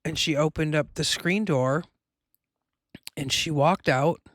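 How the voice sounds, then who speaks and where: A woman's voice: deep voice, slow, no echo, clean studio sound. A woman hosting her own show, telling a personal story in a rambling, emotional way with many fillers. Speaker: host.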